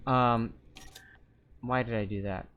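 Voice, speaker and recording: A man's voice: medium pitch, fairly even intonation, slow pace, smooth, phone-quality sound. A man streaming a naval game live, reading chat aloud and working through armor math step by step in a casual, talkative way. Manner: chatty, explains step by step, reads chat aloud.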